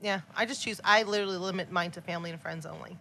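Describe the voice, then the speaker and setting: A woman's voice: lowish voice, rapid-fire, gravelly, slight background noise. A mother in casual chat, telling stories about her young daughter and laughing often. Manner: storytelling, animated, laughs often.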